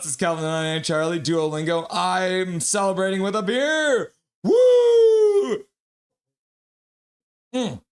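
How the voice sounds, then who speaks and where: Man with a high voice, amateur live-stream play-by-play caller, excitable and chatty, reads chat aloud. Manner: excitable, shouts and whoops at goals; chatty, reads viewer comments aloud and laughs. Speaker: live-stream hockey commentator.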